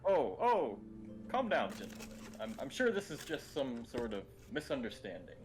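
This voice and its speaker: A man's voice: mid-range voice, wildly swooping pitch, normal speed, a little hiss or hum. A man playing a tabletop game who speaks politely in character and stammers. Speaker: player. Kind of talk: tabletop role-play.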